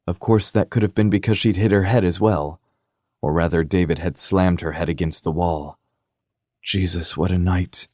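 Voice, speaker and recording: In scripted narration for an audiobook, a man tells the story evenly and at a measured pace. His voice sits low, and the clean studio recording has no room sound.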